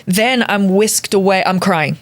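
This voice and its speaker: A woman's voice: medium pitch, unhurried, no room sound. A woman comedian, telling a personal story with swearing and vivid retelling in a casual podcast chat. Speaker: comedian guest.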